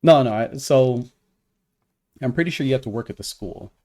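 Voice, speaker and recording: A man in a middle register tells a story with a lot of swearing and plenty of heat. His delivery is animated and conversational, the way a podcast co-host riffs with a friend. The tone stays casual and worked up. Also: mid-range voice, moderate pace. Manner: profane, animated storytelling, heated.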